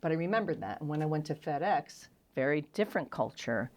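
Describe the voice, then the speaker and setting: A deep-voiced middle-aged woman talks a little fast as a guest on an interview show. Her stories are frank and self-deprecating, delivered in a candid, animated way.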